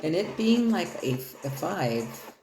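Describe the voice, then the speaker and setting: Low-voiced woman giving a profane tarot reading. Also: very animated, takes it slowly. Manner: loose, profane, rambling. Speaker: tarot reader. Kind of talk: casual tarot reading livestream. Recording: echoey room with loud music.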